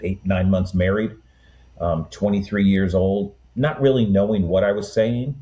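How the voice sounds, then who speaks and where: A man in his sixties speaks with a very low, dark, mellow voice. He tells his story in an easy, rambling way, full of asides and fillers. The sound is a little dull and lo-fi. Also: normal speed. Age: 60s. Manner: relaxed, rambling anecdotes with frequent "um" and "you know". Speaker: guest. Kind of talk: conversational storytelling.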